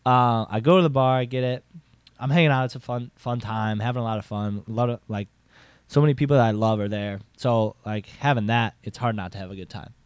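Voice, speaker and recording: A young man hosting a podcast, telling a casual story with lots of filler words and restarts, getting animated for emphasis. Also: brisk, clean tone, no room sound. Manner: rambling, filler-heavy with frequent "like" and restarts; animated, jumps up in pitch for emphasis. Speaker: podcast host.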